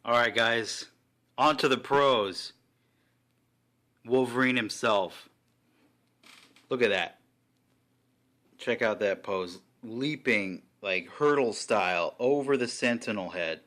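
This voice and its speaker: A man chatting casually and excitedly while reviewing a collectible figure, swearing now and then. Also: medium pitch, slow pace, pauses often.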